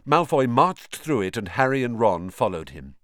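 Brief: expressive male audiobook narrator, low and animated, dry booth sound. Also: moderate pace, dry recording. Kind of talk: scripted narration.

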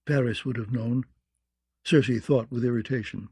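Dark-voiced male audiobook narrator. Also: mid-range voice, husky, no echo. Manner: even, measured storytelling. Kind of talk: scripted narration.

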